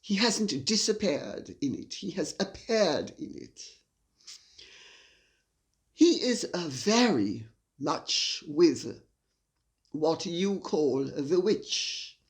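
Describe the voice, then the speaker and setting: A woman's voice: low-pitched, very animated, drawn-out words, long pauses. A woman hosting a solo commentary monologue, speaking in an arch, wry, theatrical way. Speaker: host.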